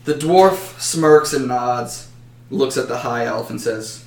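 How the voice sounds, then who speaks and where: A man's voice: mid-range voice, slow pace, creaky. Man narrating a fantasy battle in an echoey room. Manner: dramatic with occasional slips. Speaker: storyteller. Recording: roomy echo.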